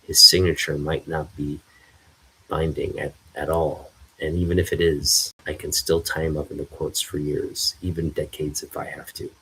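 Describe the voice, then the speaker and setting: A man's voice: very deep voice, level tone, normal speed, bright, forceful tone, husky, exaggerated voice, poor audio. A man voicing a cool, calculating rich male villain, reading a comic aloud.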